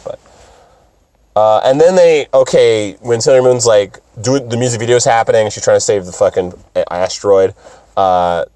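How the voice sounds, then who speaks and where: A young man doing a profane, excitable, rambling comedic recap of an anime. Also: on the low side, moderate pace, clear, resonant tone, dry recording. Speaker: video host.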